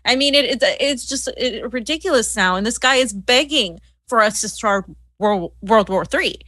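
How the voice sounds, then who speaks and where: A woman co-hosting a political commentary show, talking fast and heatedly, often repeating words as she builds a point. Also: on the high side, sharp tone, dry recording. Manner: rapid, heated, repeats words when worked up. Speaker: co-host.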